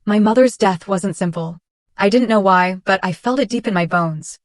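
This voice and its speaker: Steady woman narrating a story. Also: medium pitch, moderate pace, dry recording, studio quality. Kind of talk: scripted first-person narration.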